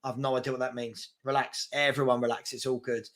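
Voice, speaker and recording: A man's voice: medium pitch, level tone, a little fast, a bit bright. A man hosting a live fan chat show, chatty and brash as he reads comments and takes on trolls. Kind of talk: casual live-stream chat reading comments.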